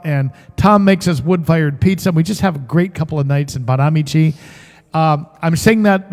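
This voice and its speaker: A man's voice: on the high side, darkish tone, long reverb tail. A man hosting a casual music livestream, chatting and joking with viewers and greeting them by name. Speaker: musician and livestream show host.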